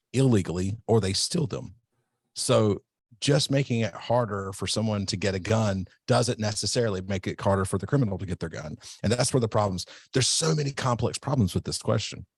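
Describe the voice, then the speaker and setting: A man's voice: on the low side, moderate pace, slightly rough, no room sound, clean studio sound. A man who teaches self-defense, talking casually and at length in a podcast interview, often restarting his sentences. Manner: relaxed, rambling, self-correcting.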